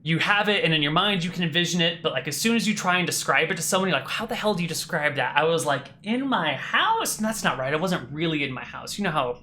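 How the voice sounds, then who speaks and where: Bright-voiced game master narrating a tabletop game. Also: medium pitch, a little hiss or hum. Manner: casual, quick asides with fillers.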